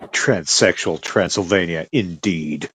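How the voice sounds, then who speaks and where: A man's voice: low-pitched, slow pace, fairly bright tone, a little hiss or hum. A man co-hosting a podcast in casual chat, wry and joking, laughing often. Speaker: podcast co-host.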